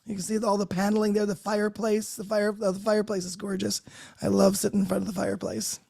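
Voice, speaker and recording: A woman's voice: medium pitch, level tone, fast talker, vocal fry, warm tone, slightly rough. A woman hosting a live group call from her home, talking in an effusive, unscripted way, laughing often and restarting her words. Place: her own home, great room by a Christmas tree.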